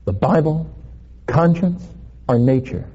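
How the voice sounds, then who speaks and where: A man preaches a sermon, telling a playful story with laughter. His higher voice swings widely in pitch. The recording sounds muffled and lo-fi. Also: lively intonation, slow, dark tone, breathy edge.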